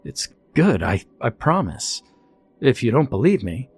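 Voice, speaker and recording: A man's voice: medium pitch, very animated, unhurried, husky, soft background music, voice pushed up, exaggerated voice. A man voicing a cheerful, overly comfortable male captor who coaxes his prisoner like a proud host cook. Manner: chipper, coaxing, overly comfortable.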